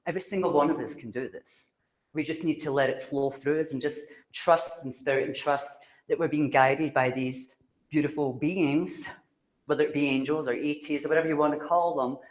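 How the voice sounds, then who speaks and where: Animated woman telling stories to a room. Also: low-pitched, moderate pace. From Scotland. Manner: animated storyteller who acts out quoted dialogue and laughs often. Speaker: spiritual speaker. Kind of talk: storytelling talk to a live audience. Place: room with an audience. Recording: roomy, echoey hall sound.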